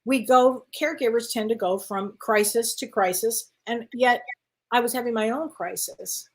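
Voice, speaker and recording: A woman co-hosting a chat show, telling a personal story in an animated way and acting out the dialogue. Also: fairly high pitch, moderate pace. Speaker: co-host.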